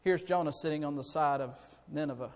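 A man preaching a sermon, swinging from quiet storytelling to loud, impassioned passages and often repeating words. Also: fairly high pitch, brisk. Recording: long hall reverb.

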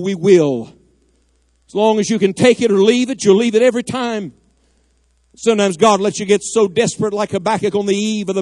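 A man's voice: high-pitched, darkish tone, no echo. A middle-aged man preaching a fervent, emphatic sermon in a church, rising at times to cries of prayer. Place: church sanctuary.

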